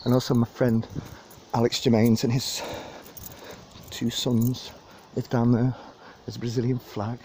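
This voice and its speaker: Mellow-voiced man rambling outdoors. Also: mid-range voice, level tone, a little slow, a little hiss or hum. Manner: rambling, chatty, laughs at own jokes. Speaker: vlogger giving a park tour. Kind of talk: casual walking tour narration. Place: outdoors in a city park. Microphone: phone held while walking.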